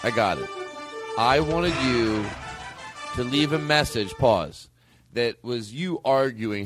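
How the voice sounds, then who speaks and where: Male comedy podcast host, lively up-and-down delivery, rambling, restarts his sentences a lot. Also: medium pitch, slow, over music. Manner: rambling, self-interrupting storyteller. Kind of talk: casual comedic chat.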